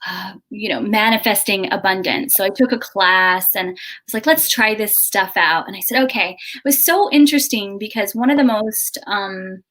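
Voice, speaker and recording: A middle-aged woman hosting a casual video chat, telling a story in an animated way with halting restarts. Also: medium pitch. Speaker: host.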